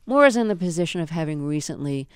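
An interview host with a very clean, smooth voice and a mid-range pitch, asking questions in a measured, careful way. The sound is close and dry, with no room echo. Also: expressive. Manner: measured, careful phrasing with fillers.

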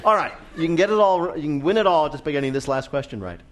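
A man's voice: on the high side, expressive, quick pace. A man hosting a radio quiz, reading questions playfully and laughing often. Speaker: quiz show host.

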